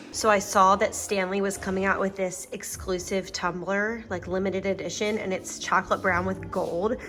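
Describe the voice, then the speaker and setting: A woman's voice: mid-range voice, a little hiss or hum. A woman in her thirties chatting casually to the camera at home as a family vlogger, gushing and talkative while she tells her kids what comes next. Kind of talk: casual vlog chat.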